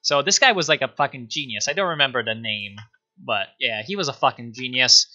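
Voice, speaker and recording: A man streaming casually, giving history commentary in a rambling, profane, animated way. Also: medium pitch, fairly quick, muffled recording.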